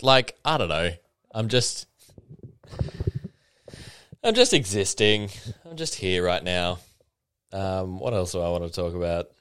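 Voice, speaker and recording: Tipsy man ranting on his podcast, swinging pitch, swears, mocks people in put-on voices. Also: clear, resonant tone, dry recording. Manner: animated, swearing, mocking impressions. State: a bit tipsy. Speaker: podcast host. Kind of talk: casual solo podcast rant.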